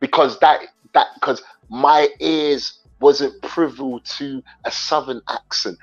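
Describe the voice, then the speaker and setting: A man's voice: medium pitch, fairly even intonation, slow, highs cut off, soft background music. A man from England with a London accent mixed with Jamaican patois, hosting a casual livestream chat and talking straight to his viewers in a rambling way. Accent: London English mixed with Jamaican patois. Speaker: livestream host.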